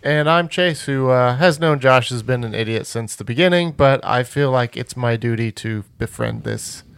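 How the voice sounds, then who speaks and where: A man's voice: mid-range voice, moderate pace, creaky, fairly bright tone, clean tone, dry recording, studio quality. A young man on a casual podcast, teasing his friend and telling easygoing stories. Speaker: podcast co-host. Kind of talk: casual chat.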